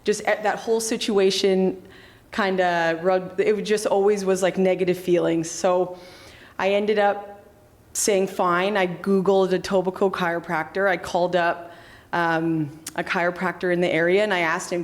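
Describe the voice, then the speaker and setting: A woman in her thirties with a slightly low voice talks through her career in an interview. She is chatty and casual, restarting sentences and dropping in fillers as she goes. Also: flat delivery, moderate pace. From Canada. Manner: chatty, many fillers and restarts, acts out quoted lines. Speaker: chiropractor and clinic founder.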